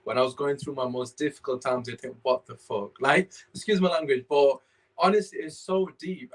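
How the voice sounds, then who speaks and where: A man's voice: mid-range voice, rough recording. A man hosting a casual podcast, rambling and restarting while he searches his phone. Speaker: podcast host.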